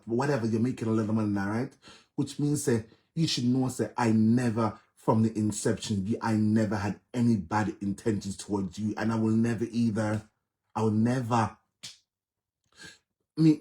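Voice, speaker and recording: Earnest Jamaican man, low voice, pleading. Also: a little mellow. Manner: earnest, pleading, heavy repetition. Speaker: live streamer. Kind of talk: casual live-stream monologue.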